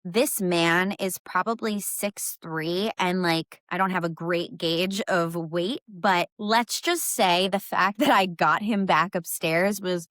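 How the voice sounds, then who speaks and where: A woman's voice: lowish voice, slow, few pauses, a bit bright, dry recording. A young adult woman hosting a podcast, telling a personal story in a candid, conversational way with casual fillers. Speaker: podcast host.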